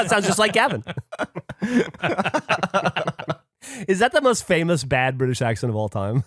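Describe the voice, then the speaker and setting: A man's voice: a little high, very animated, a little slow, long pauses, a bit bright, dry recording, clean studio sound. A man co-hosting a podcast, teasing and joking with the others in casual banter. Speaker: podcast co-host. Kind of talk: casual chat.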